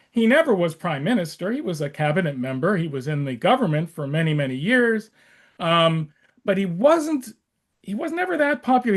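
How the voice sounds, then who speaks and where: Man in his sixties, rabbi giving a casual class on a video call; high voice, rambling and wry, lots of ums. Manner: chatty, full of fillers and restarts, wry asides. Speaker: rabbi teaching an adult class.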